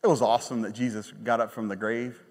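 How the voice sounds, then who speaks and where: A man pastor preaching a sermon, emphatic and animated, with sudden quiet drops. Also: mid-range voice, fast talker. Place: church sanctuary. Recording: long church reverb.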